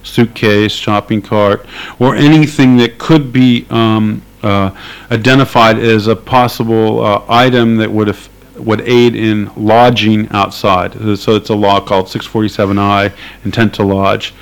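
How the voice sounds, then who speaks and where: A man with a lowish voice answers an interviewer at length. His talk is loose and unscripted, full of ums, restarts and dry little laughs. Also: fairly even intonation, measured pace, creaky, clean tone, low-quality recording. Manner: rambling, hesitant with many fillers, wry laughs. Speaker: activist interviewee. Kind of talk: casual spoken interview.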